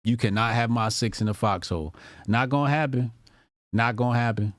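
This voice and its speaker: A man's voice: mid-range voice, steady tone, fairly quick, dry recording, clean studio sound. A man giving casual, mocking reaction commentary as a streamer, exasperated and profane.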